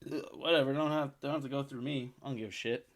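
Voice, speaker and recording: A man's voice: mid-range voice, steady tone, fast talker. A man co-hosting a crude comedy podcast, joking and swearing freely over a video call. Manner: profane and jokey. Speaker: podcast co-host. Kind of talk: crude casual chat.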